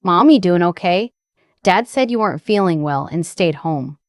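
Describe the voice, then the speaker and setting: A woman's voice: fairly low pitch, expressive, normal speed, no room sound, studio quality, natural voice. A woman voicing a caring adult daughter's text message in an audio drama story.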